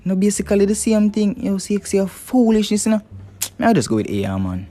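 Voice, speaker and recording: A man's voice: high voice, sing-song, brisk, warm tone. A man with a Jamaican accent in a comedy skit, playing an exasperated student who grumbles through an exam.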